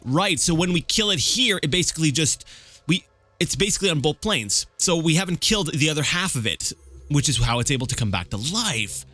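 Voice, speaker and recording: Rambling man with a lively voice. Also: a little high, fairly quick, no room sound. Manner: rambling, thinks aloud, self-correcting. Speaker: let's play gamer. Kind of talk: casual game commentary.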